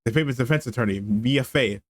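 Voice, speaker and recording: A man's voice: mid-range voice, brisk, dry recording, faint music behind, natural voice. A man reading a pushy teenage girl from a game in a barely changed voice. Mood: demanding.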